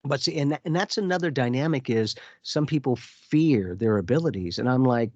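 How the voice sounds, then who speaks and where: A man who is a spiritual educator, a guest chatting in a lively, quick way and laughing easily. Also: medium pitch, dry recording, dull audio. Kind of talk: casual interview chat.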